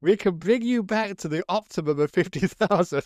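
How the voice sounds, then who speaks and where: A man's voice: high voice, normal speed, a little mellow, dry recording, studio quality. A man, a Buddhist monk, giving a humorous, story-filled dharma talk to a live audience, chuckling and chatting as he goes. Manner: jokey, chuckling, conversational.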